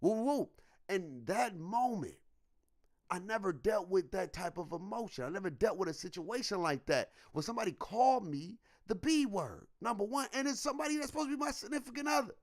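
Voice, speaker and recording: A young man talks on a podcast in loose, slangy speech and acts out the lines people said to him. His voice sits high and swings widely in pitch as he tells the story. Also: a little fast. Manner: animated, slangy, acts out quotes. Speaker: podcast co-host. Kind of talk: casual storytelling chat.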